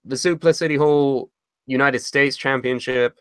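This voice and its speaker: A woman's voice: very deep voice, steady tone, unhurried, smooth, no room sound, clean studio sound. A woman co-hosting a casual podcast chat, sarcastic and blunt, swearing often. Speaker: podcast co-host.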